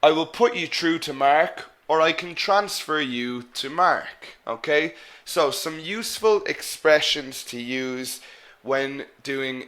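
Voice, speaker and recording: Guy teaching business english, talks real slow, bright voice, repeats words so you catch them. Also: medium pitch. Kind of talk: online business English lesson.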